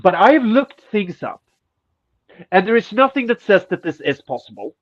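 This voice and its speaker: Profane ranting man, lively pitch. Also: moderate pace, muffled recording. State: stuffy nose. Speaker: podcast co-host. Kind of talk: casual chat.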